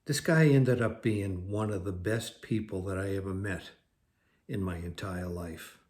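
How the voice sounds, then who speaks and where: Speaking to camera about his recovery, a man rambles casually through a story from his past, often restarting and correcting himself. His voice sits low and is darkish in tone, and he talks a little slowly.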